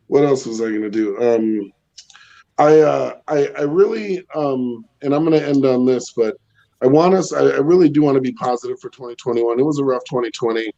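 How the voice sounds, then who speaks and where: A man in his thirties with a loud, bassy voice, doing a rambling stand-up set from home with lots of ums and chuckles. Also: normal speed, vocal fry, muffled recording. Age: 30s. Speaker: stand-up comedian. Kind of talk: casual stand-up set over video call. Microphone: home video call.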